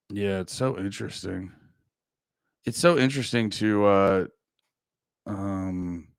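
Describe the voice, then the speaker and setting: Man, 30s, stream host, casual rambling, swears a lot, self-mocking, smooth voice, dry close sound. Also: fairly low pitch, dry recording. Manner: profane, self-mocking, laughs often. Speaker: livestream host.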